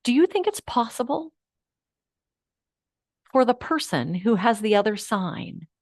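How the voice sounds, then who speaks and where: A woman hosting a live online class, guiding listeners through affirmations in a coaching manner that moves between hushed and lively. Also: fairly high pitch, a little slow, no room sound, studio quality. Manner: warm coaching, swings from hushed to animated. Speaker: host of an uplift program.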